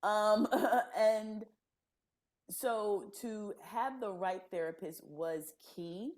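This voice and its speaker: A woman guest on a podcast, telling her story in a casual, animated way and acting out the conversations she describes. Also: medium pitch, drawn-out words. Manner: animated, laughing storyteller who acts out quoted dialogue.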